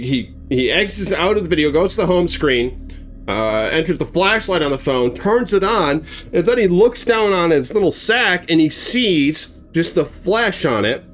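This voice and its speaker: A man's voice: fairly high pitch, sing-song, moderate pace, a little hiss or hum. A man telling a horror story in a casual, rambling way, full of fillers and restarts.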